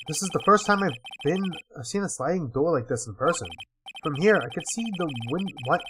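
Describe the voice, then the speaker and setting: A man's voice: fairly high pitch, animated, fairly quick, fairly bright tone, a little hiss or hum. Wry man reading a game aloud. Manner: wry, reads dialogue aloud with asides. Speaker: let's-player. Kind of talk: casual gameplay commentary reading game text aloud.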